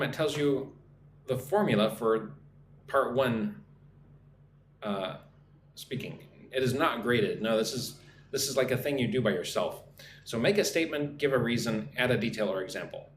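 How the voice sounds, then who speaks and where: American man teaching live, echoey room. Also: mid-range voice. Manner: checks in with a constant "right?", reads out viewer comments. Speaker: English teacher. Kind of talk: live-streamed lesson. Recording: echoey room, faint background noise.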